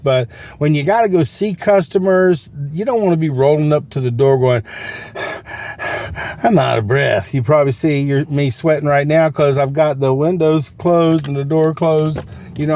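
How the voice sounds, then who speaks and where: A man's voice: on the high side, dark tone. A man giving a casual, folksy motivational talk about selling from inside his parked car, asking his listeners question after question. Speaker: sales coach vlogger.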